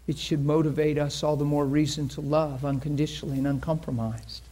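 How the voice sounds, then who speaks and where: A man's voice: a little high, level tone, a little fast, warm tone. A man preaching a sermon to a congregation, telling a story in an earnest, conversational way and acting out the voices of the people in it. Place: church in front of a congregation.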